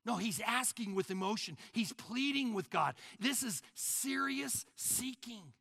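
Older male pastor, energetic sermon delivery, bright tone, dry close recording. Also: very high voice, unhurried, vocal fry, no echo. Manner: animated preaching, acts out mock prayers.

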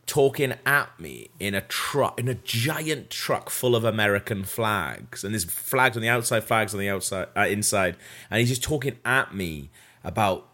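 Man, very low voice, rambling, lots of "like", casual podcast storytelling. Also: lively intonation, moderate pace, bright, forceful tone. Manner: rambling, with many fillers and self-corrections. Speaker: podcast host.

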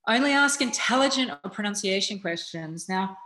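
A woman's voice: medium pitch, lively intonation, normal speed, pushed and bright. A woman giving casual, frank advice as an acting coach, chatty and often restarting her sentences.

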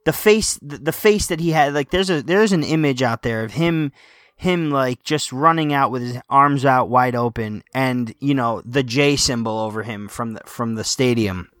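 A man talks football on a podcast, getting emotional and tripping over his words as he restarts sentences. His voice sits at a middle pitch and the recording sounds close and dry, with no room around it. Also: a bit bright, no room sound. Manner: emotional, halting, many restarts. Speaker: podcast co-host, Napoli fan. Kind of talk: casual football podcast chat.

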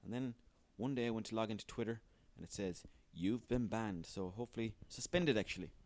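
Sweary, rambling podcast host. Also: male voice, fairly low pitch, fast talker, darkish tone, no echo. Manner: sweary, rambling and self-mocking. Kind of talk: solo comedic podcast rant.

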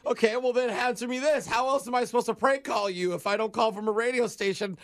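Frantic high-voiced man prank calling. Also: steady tone, fast, fairly bright tone. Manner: frantic and flustered, laughing through his words. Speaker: radio prank caller posing as a dog sitter. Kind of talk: prank phone call.

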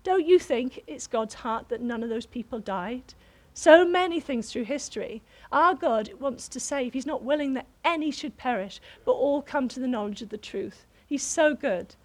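High-voiced woman preaching. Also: moderate pace, hardly any pauses. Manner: animated, bursts into laughter while telling a story. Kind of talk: sermon storytelling.

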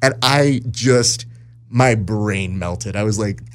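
A man hosting a podcast, telling stories in casual chat and acting out quoted voices with lively jumps in pitch. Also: slow pace. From Southern California. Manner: animated storyteller, acts out quotes. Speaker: podcast host and jiu-jitsu broadcaster.

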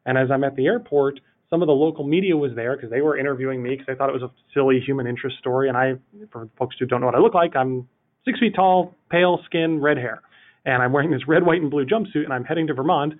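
A man, a guest on a podcast, telling a funny anecdote in an animated, rambling way full of "like". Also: medium pitch, fast talker. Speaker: podcast guest, city project manager. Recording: tinny phone-line audio.

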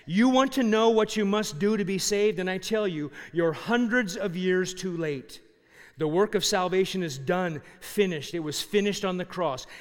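A man's voice: high voice, moderate pace. A middle-aged man preaching a sermon, emphatic and fond of rhetorical questions. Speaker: pastor. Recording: long hall reverb.

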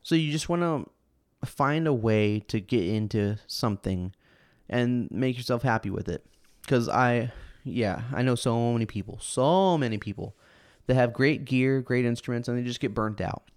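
A man's voice: mid-range voice, normal speed, smooth, dry recording. Laid-back man rambling on a dry mic. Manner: rambling and laid-back, many fillers and restarts, animated when telling stories. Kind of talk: casual chat.

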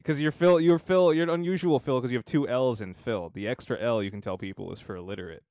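A man co-hosts a casual podcast chat with dry, teasing humor. His voice is mid-pitched, and the recording is dry and close. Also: quick pace, darkish tone, dry recording. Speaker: podcast co-host.

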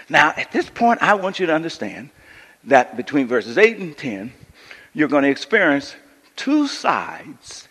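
A man's voice: sits high, sharp tone. A male pastor preaching a sermon with emphatic call-and-response, often repeating words as he restarts. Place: church sanctuary. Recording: long church hall reverb.

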